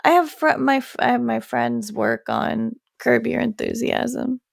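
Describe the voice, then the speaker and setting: A woman co-hosting a podcast, chiming in with relaxed, short reactions in casual chat. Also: fairly high pitch, unhurried, creaky, no echo, studio quality. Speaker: podcast co-host.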